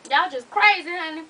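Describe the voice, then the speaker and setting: A woman's voice: extremely high pitch, fairly bright tone, far from the mic, rough recording. A woman hosting an advice vlog, talking bluntly and sassily with plenty of profanity. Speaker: advice show host.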